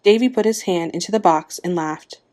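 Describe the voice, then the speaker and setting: A woman's voice: lowish voice, moderate pace, darkish tone. A woman narrating a short story, reading aloud and giving the characters' lines small shifts of voice.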